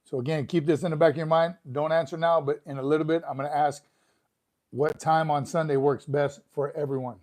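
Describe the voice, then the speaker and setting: A man's voice: fairly high pitch, a little mellow. A man hosting a live stream, chatting casually and greeting viewers one by one as he reads their comments. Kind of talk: casual livestream chat reading comments. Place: room at home.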